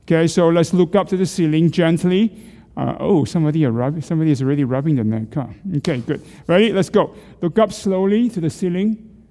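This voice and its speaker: A fairly high, warm voice comes a little fast and with few pauses, carrying a big-room sound. The speaker is a middle-aged man in a church hall who leads neck exercises, coaching the class, asking them questions and joking.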